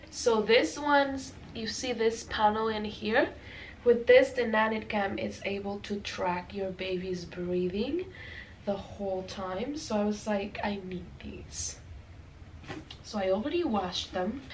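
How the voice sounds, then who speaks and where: A young pregnant woman vlogs casually while tidying a nursery at home, sounding a little out of breath. Her medium-pitched voice was captured by a tripod-mounted camera, and the rough recording carries a slight hiss or hum.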